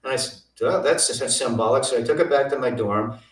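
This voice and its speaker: A man's voice: medium pitch, fairly quick, roomy sound, distant mic, poor audio. A man telling stories as an interview guest, acting out the dialogue he quotes. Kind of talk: storytelling interview.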